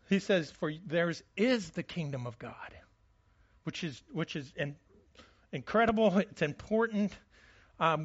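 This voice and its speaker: Man preaching, repeating words, dull recording. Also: sits high. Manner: frequent restarts and repeated words, checks in with listeners. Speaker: pastor. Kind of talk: conversational sermon. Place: church service.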